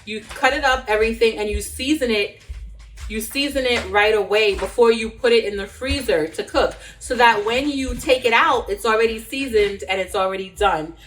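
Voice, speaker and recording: Her voice sits on the high side with a fairly bright tone. The young woman, a cooking vlogger, rambles casually while cooking in a home kitchen, using fillers and restarting sentences, and the distant mic gives a roomy sound.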